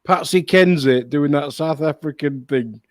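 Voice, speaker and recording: A man's voice: on the high side, measured pace. A man co-hosting a casual chat, teasing and chuckling. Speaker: co-host.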